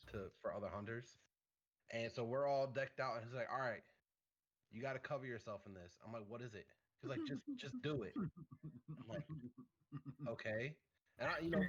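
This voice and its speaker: A man's voice: mid-range voice, lo-fi sound. A young man from Michigan, co-hosting a casual podcast and telling hunting stories with a laid-back, laughing manner. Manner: relaxed storyteller, laughs often. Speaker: podcast co-host.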